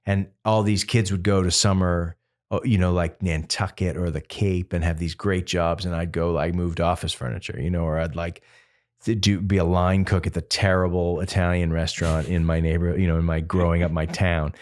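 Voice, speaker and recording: Deep-voiced man rambling through stories. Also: moderate pace. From Massachusetts. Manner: rambling, animated storytelling full of fillers. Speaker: singer-songwriter guest. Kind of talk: casual interview chat.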